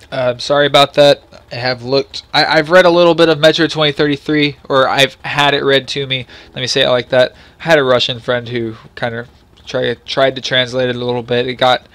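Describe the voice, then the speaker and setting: Smooth-voiced rambling man reviewing games. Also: medium pitch, a bit bright, dry recording. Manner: rambling and apologetic, self-deprecating, many fillers and restarts. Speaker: game reviewer, channel host. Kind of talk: casual unscripted video review.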